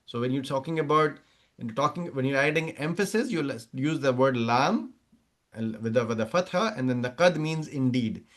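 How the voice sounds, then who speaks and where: A man's voice: medium pitch, moderate pace. A man teaching a grammar class over a video call, explaining step by step, repeating examples and checking that students follow. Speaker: Arabic teacher. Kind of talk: online class lecture.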